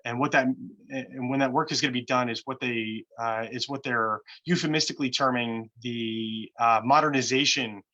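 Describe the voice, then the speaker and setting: A man, a defense analyst, explaining at length in a halting, earnest way with many fillers and restarts. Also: medium pitch, steady tone, sharp tone, muffled recording. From United States. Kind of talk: explanatory discussion.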